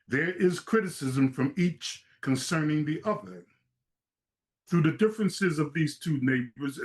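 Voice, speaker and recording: A man from Philadelphia introduces a poem in a formal, deliberate manner. He speaks slowly and carefully. His voice sits in an ordinary pitch range. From Philadelphia, Pennsylvania. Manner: measured, formal, deliberate phrasing. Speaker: poetry reader and presenter.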